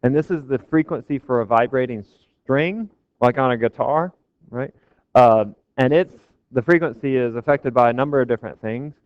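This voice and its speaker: A man's voice: medium pitch, moderate pace, no echo. A man giving a physics lecture to a class, casual and joking with his students. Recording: dull, dry lecture recording.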